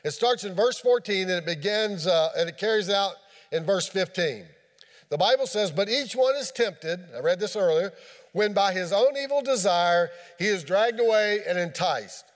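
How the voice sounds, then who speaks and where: A man preaching a sermon in a folksy, animated storytelling way, mixing scripture with homely fishing talk and playful sound effects. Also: high-pitched, normal speed. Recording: long hall reverb.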